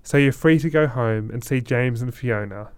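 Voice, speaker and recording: A man voicing a kindly older stranger with a white beard, reassuring and lively. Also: mid-range voice, moderate pace, smooth, no room sound, close to an everyday voice.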